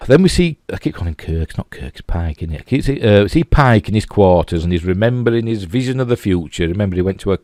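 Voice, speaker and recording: Yorkshire man, very low voice, dry close sound, chatty rambling reviewer. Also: expressive, fast, hardly any pauses, mellow, no echo. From Yorkshire, England. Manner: rambling, lots of "you know" and restarts. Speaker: TV episode reviewer. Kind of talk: casual spoken review.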